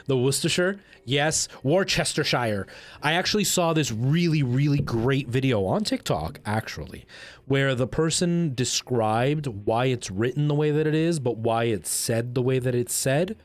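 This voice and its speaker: A man chatting casually on a livestream while playing a game, rambling and restarting his sentences and breaking into excited outbursts. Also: medium pitch, moderate pace, no echo. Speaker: game streamer.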